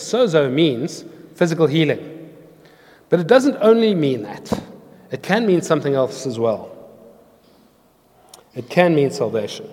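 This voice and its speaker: A man's voice: fairly high pitch, mellow. A man preaching a sermon in an earnest, storytelling way, explaining words of scripture. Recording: long hall reverb.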